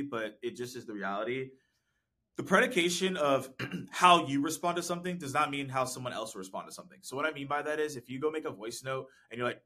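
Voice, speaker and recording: Fast-talking bright-voiced man. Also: mid-range voice. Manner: laughs often, animated and talkative. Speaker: podcast guest, sales professional. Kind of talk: casual interview chat. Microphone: desk mic with content gear.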